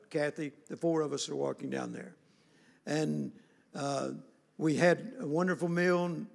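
A man's voice: fairly high pitch, creaky. A man preaching a sermon, telling a story in a folksy, conversational way. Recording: long hall reverb.

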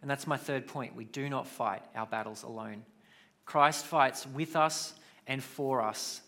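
Bright-voiced man preaching. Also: medium pitch, measured pace. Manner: conversational preaching with casual asides. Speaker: pastor. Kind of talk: sermon.

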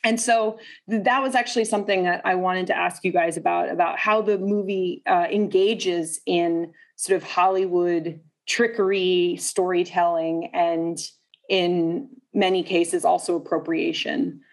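A woman's voice: lowish voice, fairly even intonation, a little slow. A woman hosting a casual film discussion, leading with thoughtful questions and frequent filler sounds. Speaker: podcast host.

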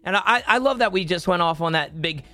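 A young man hosts a laid-back talk with a guest, his voice a touch high for a man. He is recorded dry and close, and he agrees readily and wanders into long tangents. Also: lively intonation, brisk, sharp tone, no echo. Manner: upbeat, agreeable, rambling. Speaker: podcast host. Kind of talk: casual chat.

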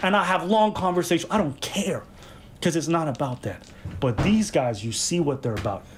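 A man's voice: a little high, expressive, moderate pace, background noise. A man co-hosting a podcast, giving heated commentary and hammering his points home through repetition. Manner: emphatic, repeats points for emphasis. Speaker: podcast co-host.

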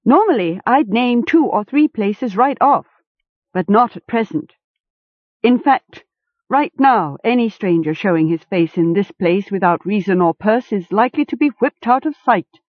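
A woman's voice: mid-range voice, lively intonation, moderate pace, no room sound, voice pushed up, lightly acted. A woman voicing a thin, half-starved male farm hound that is anxious and whimpering, in a storybook reading over a tinny line. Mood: warning. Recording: tinny phone-like sound.

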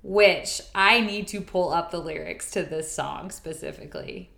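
A woman in her thirties co-hosts a casual podcast, chatting and telling stories. Her voice sits a little low but sounds bright and forward. The room around her is echoey. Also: a little slow, vocal fry. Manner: chatty, storytelling, reads lyrics aloud. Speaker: podcast co-host. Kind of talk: casual chat about songs.

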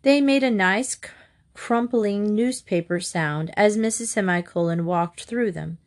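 A woman narrating a children's storybook aloud in a measured, expressive reading. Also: mid-range voice. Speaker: audiobook narrator.

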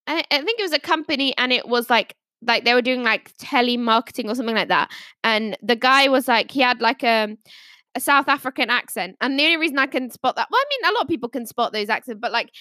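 A woman's voice: high-pitched, pushed and bright, no echo, studio quality. A woman podcast host telling stories in casual chat, with lots of fillers and laughter. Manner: chatty, laughs often, many fillers.

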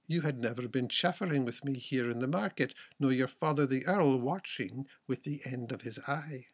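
A man with a husky voice reading the lines of a poor, ugly fisherman who stays calm and stubborn. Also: medium pitch, normal speed. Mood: steady.

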